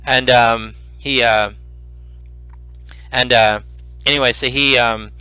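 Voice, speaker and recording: A man narrating as game master in a tabletop game, halting with many fillers. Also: medium pitch, fairly even intonation, pushed and bright, clean tone, no room sound, faint music behind.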